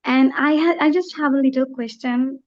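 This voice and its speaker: Polite high-voiced woman student. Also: steady tone, moderate pace. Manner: polite, formal greetings. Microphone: video call. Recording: dull lo-fi call audio.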